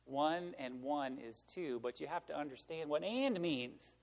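His voice on the high side, expressive and creaky, a pastor preaches a little slowly with few pauses. He talks conversationally in a church sanctuary, asking the congregation rhetorical questions, and the recording has long hall reverb.

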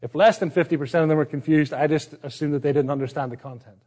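Speaking fast with fairly flat intonation, the pastor has a slightly high, somewhat mellow voice. He's a middle-aged Northern Irishman whose accent carries some American influence, and his sermon is casual, self-mocking and riddled with restarts.

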